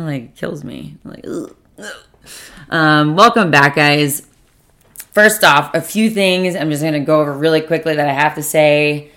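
A young woman hosting a solo podcast, chatting casually at a table at home, rambling, swearing often and correcting herself as she goes. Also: deep voice. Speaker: podcast host.

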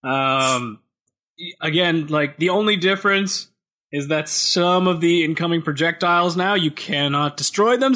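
A man's voice: on the high side, pushed and bright. A man co-hosting a casual game review podcast, joking and laughing often, talking into a headset mic. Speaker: podcast co-host.

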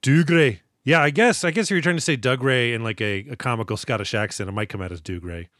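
A man chatting on a comedy podcast, cracking self-mocking jokes and swearing casually. His voice sits at an ordinary pitch. The sound is dry and close to the mic. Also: lively intonation, rapid-fire, bright, forceful tone, dry recording. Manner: jokey, self-deprecating, swears freely. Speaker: podcast co-host.

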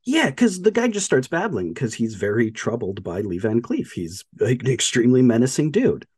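Male podcast co-host, slightly husky, animated and rambling, restarts a lot, dry room. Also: mid-range voice, no room sound. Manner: halting, many restarts and fillers, laughs often. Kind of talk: casual film discussion.

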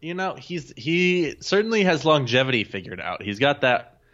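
A man co-hosting a podcast in casual chat, talking quickly and swearing casually. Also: a little high, expressive, fairly bright tone, dull audio. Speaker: podcast co-host.

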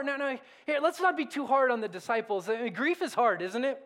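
A man's voice: very high voice, lively intonation, brisk, hardly any pauses. A man preaching a sermon in a conversational, questioning way. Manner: conversational, self-deprecating preaching with rhetorical questions. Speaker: pastor.

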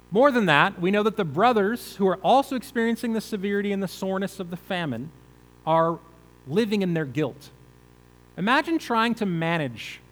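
A man's voice: a little high, in a large hall, rough recording. A male pastor preaching a conversational sermon, asking the listeners rhetorical questions.

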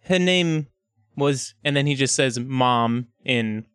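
A man playing in a tabletop game, speaking in character in a halting way full of fillers. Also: medium pitch, fairly bright tone, clean tone, no room sound. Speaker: player.

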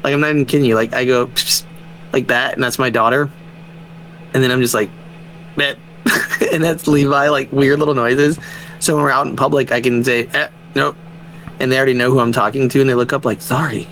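A man, a father of young kids, in casual podcast chat, telling animated stories, swearing freely and laughing often. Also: medium pitch, quick pace, slight background noise, rough recording. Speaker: podcast co-host.

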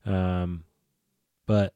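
A man in his forties talks loosely through his solo podcast, swearing freely and stumbling over fillers and restarts. His voice sits a little low and has a dark, mellow tone. The recording is dry and close, with no room sound. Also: little pitch movement, extremely slow, clear, resonant tone, no echo, dull audio. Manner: rambling, profane, lots of fillers and restarts. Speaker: podcast host. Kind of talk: casual solo podcast talk.

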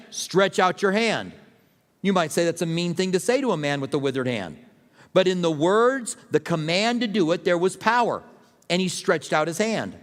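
A man preaching a sermon, his voice sitting a touch high for a man. He reads scripture and explains it earnestly. The sound carries a long reverb, as in a large church hall. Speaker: pastor.

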